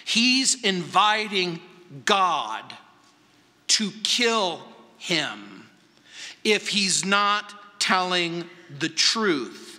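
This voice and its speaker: A man preaching a verse-by-verse sermon as pastor in a large church, speaking deliberately with dramatic pauses and emphatic repetition. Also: high voice, big pitch swings, pushed and bright. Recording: long reverb from a large hall.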